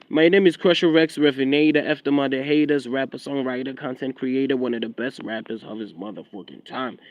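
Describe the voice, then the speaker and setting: On a casual livestream vlog, a young Eswatini rapper and content creator hunches over his phone outside in the drizzle, rambling defiantly in street talk and repeating himself. He speaks with a South African accent that has an American twang, in a mid-range voice, and the audio is dull with no room sound.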